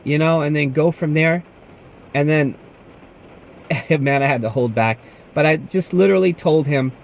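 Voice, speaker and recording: A man's voice: a little high, normal speed, gravelly, long pauses, a little hiss or hum. Laid-back man who keeps saying "man". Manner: laid-back, says "man" often, tells stories with quoted dialogue. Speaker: security guard. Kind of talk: casual talk to camera.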